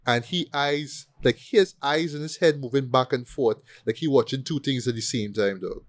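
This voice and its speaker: A man giving a casual, profane movie review rant, animated and often acting out quoted lines. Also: medium pitch, moderate pace. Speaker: podcast co-host.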